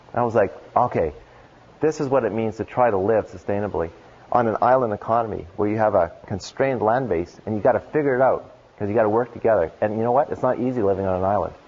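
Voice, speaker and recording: A man with a fairly low voice delivers a conference keynote in a loose, conversational way. He leans on casual fillers and jumps up in pitch to act out the people he quotes. The recording is dull and lo-fi. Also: a little mellow. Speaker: keynote speaker.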